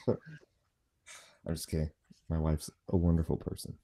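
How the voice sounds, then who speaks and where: A man with an extremely low, warm voice chats casually on a live stream at a slow pace. He's animated and playful, joking around and every so often drifting into silly character voices.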